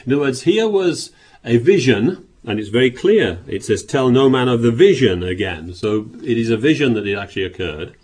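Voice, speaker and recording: A man's voice: mid-range voice, animated, normal speed, a little mellow, husky. A man preaching a sermon, reading scripture aloud and pressing his points with rhetorical questions and repeated words.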